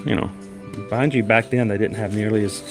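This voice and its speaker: This time the middle-aged livestream vlogger speaks in a lowish, steady voice at a brisk clip, casually telling a story from a theme park. He's chatty and self-deprecating with frequent laughter, over loudly playing music.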